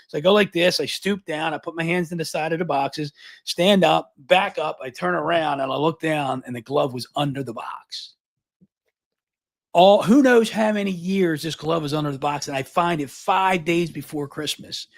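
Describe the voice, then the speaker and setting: A middle-aged man from Baltimore tells a long, energetic story as a live interview guest. His voice has a gravelly edge and sits a little high for a man. He repeats words and restarts often, recorded dry and close. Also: normal speed, dry recording.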